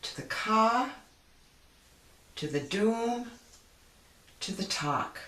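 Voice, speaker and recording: A woman's voice: on the high side, expressive, extremely slow. A woman teaching a frame drum class over a video call, patient and chatty, thinking aloud as she explains. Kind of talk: online drum lesson. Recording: roomy, distant, loud drumming behind.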